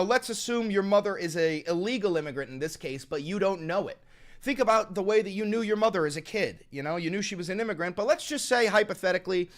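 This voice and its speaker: Male streamer host, profane and impassioned, calm then loud, very lively pitch. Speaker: streamer debating callers. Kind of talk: heated live-stream argument.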